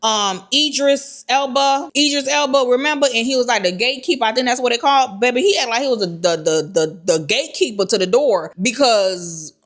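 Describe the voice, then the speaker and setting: A woman telling a personal story to camera in an animated, repetitive way. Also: on the high side, a little fast, hardly any pauses. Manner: animated, lively storytelling with repeated phrases.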